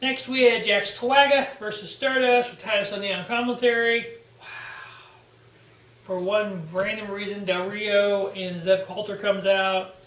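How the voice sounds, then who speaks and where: A man's voice: high-pitched, fairly even intonation, unhurried, a bit bright. A man hosting a wrestling review show, giving a blunt, sarcastic casual recap and swearing freely. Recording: roomy echo, distant from mic.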